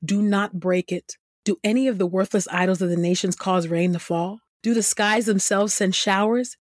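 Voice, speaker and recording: Woman reading bible passages, kinda breathy, earnest, dry close mic. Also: fairly low pitch, steady tone, normal speed, darkish tone, no room sound. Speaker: scripture reader. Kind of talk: scripted scripture reading.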